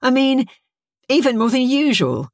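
A woman's voice: high-pitched, very animated, measured pace, dry recording, pitched above the performer's own voice, full character voice. A woman voicing a sardonic, adventurous woman who talks in a dry way.

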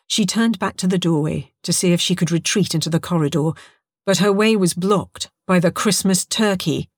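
A woman narrating an audiobook in a lively, expressive storytelling manner. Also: fairly low pitch, normal speed, no room sound, clean studio sound.

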